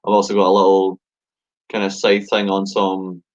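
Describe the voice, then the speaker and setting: A man in his late twenties talks as a guest in a low voice. He is loose after a couple of drinks and drags his words out. The sound is dull and lo-fi. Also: completely flat delivery. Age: 20s. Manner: loose and tipsy, drawls slowly. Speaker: rapper guest. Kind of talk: casual chat.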